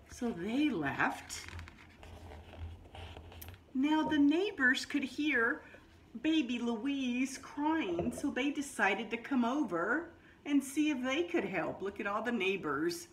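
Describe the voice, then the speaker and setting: A woman teacher reads a picture book aloud to young children, her pitch leaping and swooping with lively expression. She stretches out her phrases slowly and patiently, then jumps up high for the exciting bits. A faint hiss of room noise sits behind her. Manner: animated, drawn-out storybook reading with sudden high exclamations. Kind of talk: read-aloud storytime for children.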